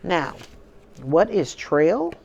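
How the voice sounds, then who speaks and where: A woman's voice: fairly low pitch, very animated, drawn-out words, creaky, darkish tone, dull audio. A woman from the United States hosting her own channel, talking casually and emphatically to her viewers and often checking in with "okay?" and "you know". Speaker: channel host.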